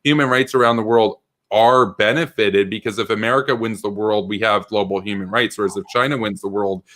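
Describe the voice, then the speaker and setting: A man's voice: on the low side, fairly even intonation, a little fast, fairly bright tone. A man hosting an online political debate, arguing emphatically and often stuttering as he restarts sentences.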